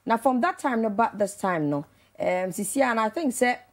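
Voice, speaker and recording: A woman's voice: on the high side, expressive, normal speed. A Ghanaian woman with a Ghanaian accent hosting a casual morning show interview, mixing Twi and English with many hesitant fillers. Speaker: radio show host.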